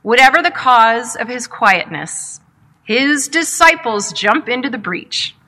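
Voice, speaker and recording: A woman delivers a sermon with a reflective, measured pace, posing questions to her listeners as she retells a story. Her voice is very bright and sits somewhat high. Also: sing-song. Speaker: preacher.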